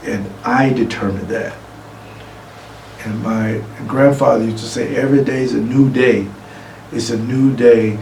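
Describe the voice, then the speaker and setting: Middle-aged guy telling a lively story in his acceptance speech, a bit gravelly, faint noise behind. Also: mid-range voice, a little slow. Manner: lively anecdote-telling, acting out other voices. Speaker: award honoree. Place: room, recorded for a virtual gala. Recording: echoey room, distant mic, faint noise.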